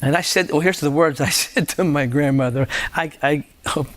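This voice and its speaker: A man's voice: on the high side, normal speed. A man giving a personal testimony in an interview, telling it as a conversational storyteller who often repeats his words. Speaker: faith healer telling his story as a guest.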